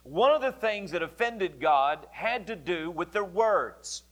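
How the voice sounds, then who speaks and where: A male pastor preaching a sermon, explaining scripture in a deliberate way and repeating key phrases. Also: high voice, lively intonation, fairly bright tone.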